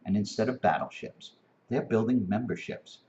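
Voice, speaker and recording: A man delivering an impassioned, profane spoken rant that keeps climbing to near-shouting. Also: lowish voice, normal speed. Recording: dull lo-fi recording.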